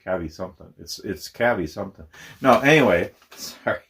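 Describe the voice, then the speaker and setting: A man's voice: low-pitched, lively intonation, a little fast, a bit bright, a little hiss or hum. A middle-aged man from Minnesota talking in a casual, rambling vlog, self-deprecating and laughing often. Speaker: YouTuber.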